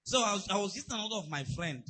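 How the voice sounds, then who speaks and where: A man preaching a sermon, telling stories and asides in an animated way. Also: high-pitched, fast, poor audio. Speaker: pastor.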